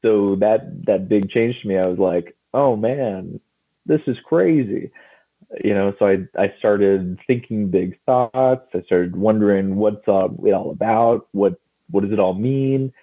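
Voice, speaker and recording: Give me a deep-voiced, husky man in his thirties chatting as a podcast guest over a tinny, phone-like line. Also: unhurried. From California. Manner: animated storyteller, laughs often. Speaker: guest comic writer and publisher. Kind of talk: casual podcast chat.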